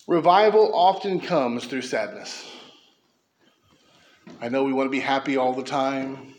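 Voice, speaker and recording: A man preaching a sermon as pastor, impassioned, swinging from quick asides to slow, emphatic declarations. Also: mid-range voice, echoey room, a little hiss or hum.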